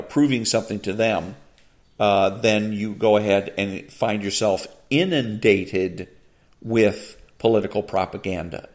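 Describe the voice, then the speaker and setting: Lower-voiced man musing in halting commentary. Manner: unhurried, halting, many fillers and restarts. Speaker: podcast host. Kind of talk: solo commentary reading and reacting to a quote.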